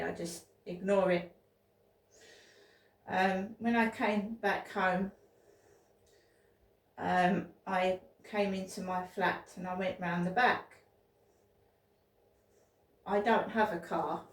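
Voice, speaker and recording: A woman, telling a rambling personal story in a casual vlog, often repeating words and restarting sentences. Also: medium pitch. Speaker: vlogger. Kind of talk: casual spoken diary. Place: indoors at home. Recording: roomy, from a distance.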